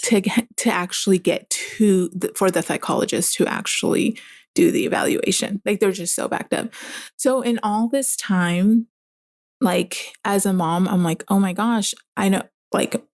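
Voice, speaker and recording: Young mom chatting, lots of likes and ums, gravelly voice, dry sound. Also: female voice, medium pitch, moderate pace, a little mellow, no room sound. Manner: candid, many fillers like "like" and "um". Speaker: guest. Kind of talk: casual conversation.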